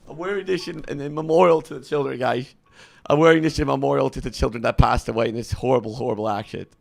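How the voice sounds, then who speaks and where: A man hosting a comedic call-in show skit, talking in an awkward, evasive deadpan. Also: mid-range voice, fast, gravelly.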